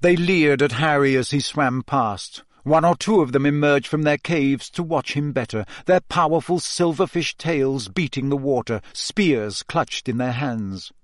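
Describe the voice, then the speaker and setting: Man narrating a novel, measured. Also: mid-range voice, dry recording, clean studio sound. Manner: measured, expressive reading. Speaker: audiobook narrator.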